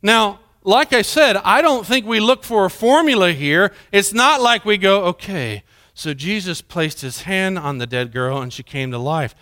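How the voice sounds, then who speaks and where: Bright, clear-voiced male pastor preaching. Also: sits high, animated, normal speed, few pauses. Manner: earnest, conversational preaching with questions to the congregation. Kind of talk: sermon. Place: church sanctuary.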